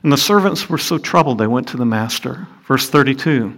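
A man delivers a sermon, earnestly explaining scripture and putting rhetorical questions to his listeners, his pitch and volume climbing for emphasis. His intonation is lively, his pace fairly quick, and his tone a bit bright.

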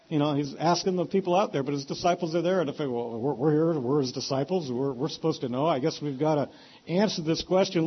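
A man's voice: brisk, breathy edge, muffled recording. A man preaching a sermon, telling the story and acting out the characters' lines with sudden bursts of emotion. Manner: animated storytelling, voices the characters with sudden rises in pitch.

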